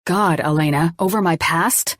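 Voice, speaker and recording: A woman's voice: lowish voice, normal speed, a bit bright, no room sound, clean studio sound. A woman voicing a young male doctor in an audiobook, defensive and swearing as he argues with his lover. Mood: heated. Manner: swearing, pleading.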